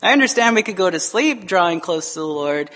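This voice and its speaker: A male pastor preaching a casual, conversational sermon in church, lively and full of restarts, acting out the voices he quotes. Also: high voice, fairly quick. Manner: casual and chatty, with frequent restarts and laughs. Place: church sanctuary, also streamed online.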